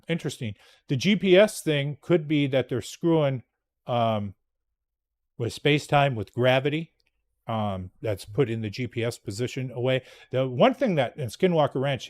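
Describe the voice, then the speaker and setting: A male podcast host telling a story in a casual, rambling monologue, blunt and swearing freely. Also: medium pitch.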